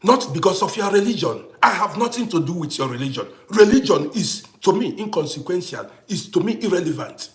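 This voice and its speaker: Male livestream host, middle-aged, high-pitched and expressive, hammering points home through repetition. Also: fairly quick, few pauses. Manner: emphatic, repeats phrases for effect. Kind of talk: impassioned livestream monologue.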